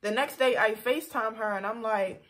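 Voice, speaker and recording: Young woman on a storytime vlog, a bit high-voiced, frank and heated, casual "like"-heavy talk. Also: moderate pace, fairly bright tone. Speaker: vlogger.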